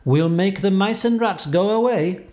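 A man's voice: high-pitched, normal speed, darkish tone, voice pushed up, lightly acted. A man voicing a brave, clever male cat in a storybook, bold and eager.

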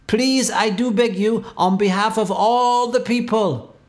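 A man's voice: high-pitched, a little slow, voice pushed up. A man voicing a worried, pleading middle-aged male village mayor. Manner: earnest, pleading, sorrowful.

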